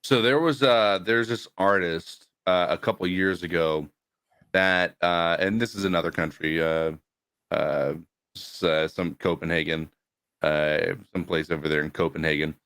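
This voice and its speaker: A man's voice: deep voice, measured pace, fairly bright tone, clear, resonant tone, dry recording. A man co-hosting a podcast, telling a story hesitantly with many fillers. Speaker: podcast co-host. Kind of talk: casual sports chat.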